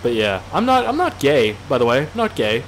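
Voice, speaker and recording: A man's voice: mid-range voice, wildly swooping pitch, fairly quick, slight background noise, low-quality recording. A man giving casual gameplay commentary as a video creator, rambling and jokey with lots of swearing. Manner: rambling, profane, jokey storytelling.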